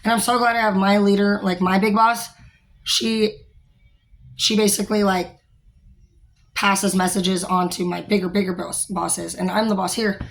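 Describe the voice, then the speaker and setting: A woman's voice: medium pitch, flat delivery, moderate pace, creaky, pauses often. A young woman, a store manager, talking frankly and rambling in a casual vlog, with many fillers and some swearing.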